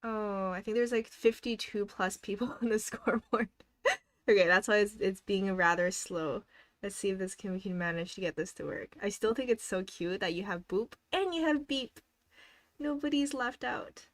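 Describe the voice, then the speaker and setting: A young woman hosts a casual live stream, speaking at a normal speed in a mid-range voice. She cheerfully encourages her viewers, reads out their goals and giggles often between remarks.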